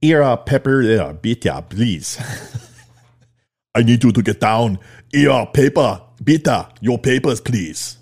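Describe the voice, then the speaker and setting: A man plays a stern German officer who barks demands in a loud, clumsy put-on accent. The figure is bossy and insistent. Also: mid-range voice, expressive, extremely slow, pauses often, breathy edge, full character voice. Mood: demanding.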